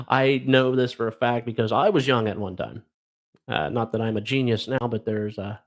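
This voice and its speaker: A middle-aged man from Ohio hosting a casual live stream, reading odd news stories aloud and rambling wryly with lots of fillers. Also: medium pitch. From Ohio, USA.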